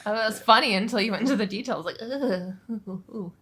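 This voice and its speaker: A woman's voice: medium pitch, quick pace, a bit bright, husky. A woman co-hosting a podcast in casual chat, reacting expressively and swearing when surprised. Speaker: podcast co-host.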